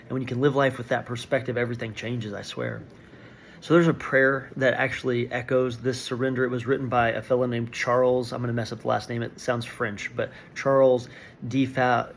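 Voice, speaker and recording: A man's voice: medium pitch, flat delivery, normal speed, creaky, a little hiss or hum. A man giving an earnest, reflective daily devotional talk and reading scripture aloud. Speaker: devotional speaker.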